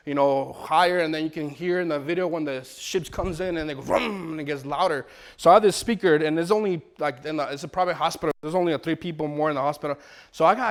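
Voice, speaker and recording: Animated man preaching with stories. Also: fairly high pitch. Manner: storytelling, animated, restarts often. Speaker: guest speaker, missionary. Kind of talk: informal preaching talk.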